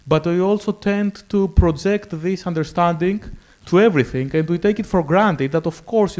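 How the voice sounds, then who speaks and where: A man speaking on a panel at a round-table discussion, enthusiastic and arguing his point in quick bursts. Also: on the high side, a little mellow.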